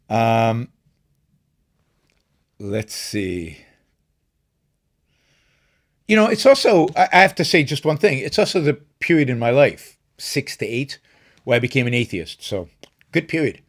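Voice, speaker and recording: Chatty middle-aged man, lively emphatic pitch. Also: measured pace, long pauses. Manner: rambling with many fillers and restarts, pitch rising when emphatic. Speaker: show host. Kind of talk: casual live-stream talk.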